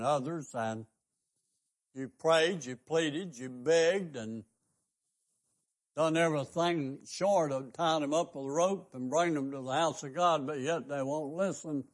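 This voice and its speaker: Older preacher, fervent and high. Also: male voice, unhurried. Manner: fervent preaching with rising emphatic questions. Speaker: pastor and radio host. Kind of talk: preached sermon on radio broadcast.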